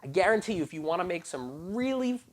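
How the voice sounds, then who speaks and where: Animated man telling a Bible story. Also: high voice, quick pace, a little hiss or hum. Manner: animated, acts out quoted characters with casual slang. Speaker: youth pastor. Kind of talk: youth sermon storytelling.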